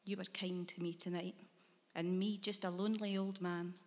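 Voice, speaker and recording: A woman voicing a lonely, gruff old man who turns quietly menacing. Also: lowish voice, level tone, normal speed, in a large hall, close to an everyday voice.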